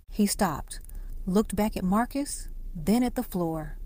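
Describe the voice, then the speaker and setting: Female narrator for an audiobook drama, mid-pitched, very dry booth sound. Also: expressive, slow pace, darkish tone, dry recording. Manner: acts out each character's lines in the story.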